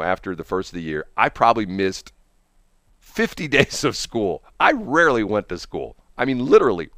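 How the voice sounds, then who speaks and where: Lively rambling older man telling stories. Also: medium pitch, no room sound, studio quality. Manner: rambling storyteller, laughs often. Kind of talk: casual chat.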